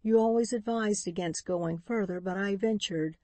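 A woman's voice: mid-range voice, normal speed, dark tone, no echo, close to an everyday voice. A woman reading an audiobook voices a determined young woman in a crisis, speaking with urgent, breathless pleading. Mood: urgent whisper.

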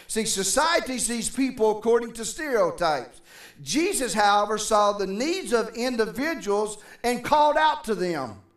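With a high voice, big pitch swings and a measured pace, a middle-aged pastor delivers a sermon in his church sanctuary. He speaks conversationally and calls out to the congregation, captured at a distance in the roomy space.

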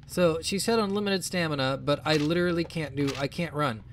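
A man playing a horror game and commenting out loud, frantic and full of swearing as he talks to himself. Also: a little high, fairly quick, gravelly, few pauses, slight background noise. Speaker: gamer.

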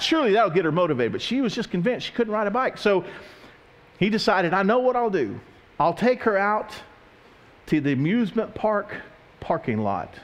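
A pastor preaching a sermon, telling stories and asking his congregation questions. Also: fairly high pitch. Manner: animated storytelling, questioning the congregation.

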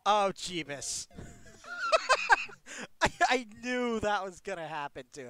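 A man's voice: high voice, huge pitch swings, slow, long pauses, pushed and bright, soft background music. Shrieking, laughing game streamer man. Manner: yelps, screams and laughs at every mishap. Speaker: streamer playing his own game levels. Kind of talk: let's-play reactions.

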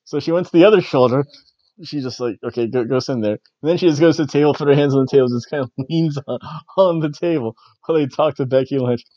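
A man's voice: a little high, fast, mellow, dry recording. Chuckly man rambling on dull lo-fi audio. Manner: rambling, chuckling, slightly awkward. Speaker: podcast host. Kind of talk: casual wrestling recap.

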